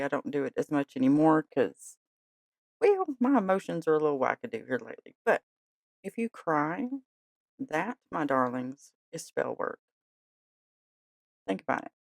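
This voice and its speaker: A podcast host in a gentle, chatty way of talking, tired and yawning late at night. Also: mid-range voice, very animated, unhurried, creaky, long pauses, no echo. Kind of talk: casual podcast talk.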